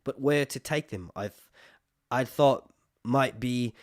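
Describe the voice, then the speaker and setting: A man reading aloud as a tough, blunt wildling warrior woman who speaks briskly. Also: mid-range voice, dry recording, clean studio sound, natural voice. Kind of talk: casual book reading aloud.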